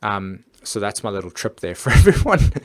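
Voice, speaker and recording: A man's voice: lowish voice, sing-song, moderate pace. A man hosting an astrology live stream, talking earnestly and casually with many fillers and restarts.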